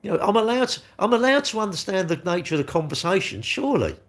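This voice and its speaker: A man's voice: sits high, very animated, fast. A man, chatting casually on a live stream, rambling and blunt as he answers comments. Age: 60s.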